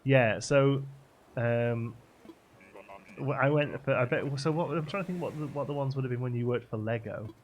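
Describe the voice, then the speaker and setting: A man's voice: medium pitch, moderate pace. A young man streaming a game live, rambling casually as he answers chat messages aloud. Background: faint game music.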